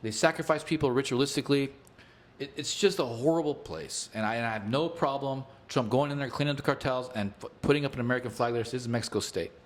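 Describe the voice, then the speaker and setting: Man, talk show co-host, blunt and outspoken, stammers into his points, middle-pitched voice. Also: fast talker. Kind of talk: casual political talk show chat.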